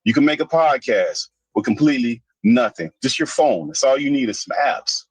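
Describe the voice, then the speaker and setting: Blunt ranting man, husky voice. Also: medium pitch, normal speed, no room sound, rough recording. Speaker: commentator. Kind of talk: opinionated casual commentary.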